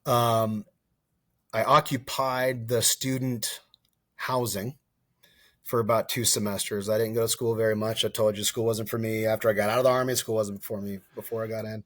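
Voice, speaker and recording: A man's voice: lowish voice, little pitch movement, moderate pace, fairly bright tone, no echo, clean studio sound. A man of about forty telling his story as a podcast guest. He rambles, keeps correcting himself and acts out the dialogue. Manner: casual and profane, acts out quoted dialogue. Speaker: podcast guest, former soldier and wildland firefighter. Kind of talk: casual storytelling interview.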